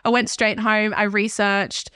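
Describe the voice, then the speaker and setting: A young woman, a podcast guest telling a candid, animated personal story. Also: mid-range voice, a little slow, clear, resonant tone, no room sound, studio quality. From Australia.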